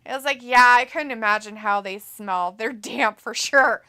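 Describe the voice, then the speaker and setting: A woman's voice: fairly high pitch, normal speed, pushed and bright. A woman co-hosting a live stream in casual chat, with a nasal, cackly voice, teasing and swearing freely as she reads out viewer comments. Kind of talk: casual watch-along chat.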